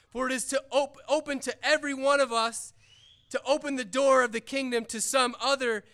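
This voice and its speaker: High, bright-voiced man preaching casually. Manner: earnest, conversational, retells scripture in everyday paraphrase. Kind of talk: casual sermon retelling scripture.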